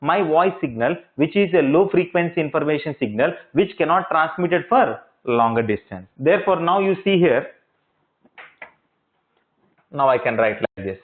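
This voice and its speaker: Male lecturer, repetitive teaching style with rhetorical checks, fairly high voice, tinny lo-fi recording. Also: lively intonation, moderate pace. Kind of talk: classroom lecture. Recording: tinny phone-like audio.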